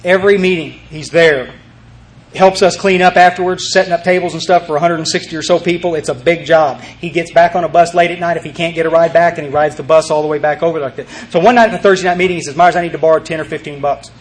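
A man's voice: fairly high pitch, steady tone, fast. A man speaking to a recovery group, emphatic and rambling, repeating words and restarting his sentences as he tells a story.

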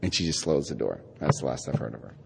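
A middle-aged man from New Jersey telling a personal recovery story, wryly and self-deprecatingly, acting out dialogue with halting restarts. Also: extremely low pitch, animated, creaky, a little mellow, breathy edge. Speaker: speaker sharing his recovery story. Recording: long hall reverb.

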